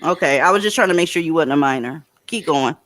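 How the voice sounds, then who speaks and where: A woman's voice: low-pitched, expressive, quick pace, a bit bright, no room sound, clean studio sound. A woman hosting a livestream, giving blunt, profane commentary and advice to her callers. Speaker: livestream host.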